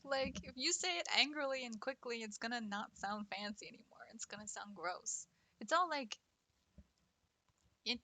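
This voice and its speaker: A woman's voice: fairly high pitch, bright, forceful tone, no echo. A young adult woman streamer chatting casually with viewers, playful and teasing, laughing often. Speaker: art streamer. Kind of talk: casual livestream chat.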